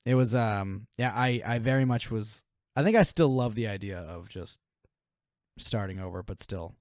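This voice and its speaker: A man co-hosting a casual anime chat show who laughs often and trades lively, swearing banter. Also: on the low side, normal speed, no room sound, studio quality. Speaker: podcast co-host.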